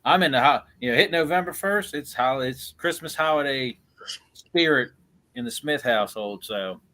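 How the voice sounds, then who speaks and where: A man's voice: mid-range voice, expressive, normal speed, sharp tone. A man co-hosting a live podcast, chatting in an easygoing, joking manner. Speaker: podcast co-host. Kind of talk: casual live podcast chat.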